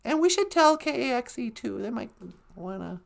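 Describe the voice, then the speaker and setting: A woman co-hosting a podcast in casual chat, chatty and animated, quoting movie lines as she talks. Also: fairly high pitch, normal speed, gravelly, a little hiss or hum. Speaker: podcast co-host.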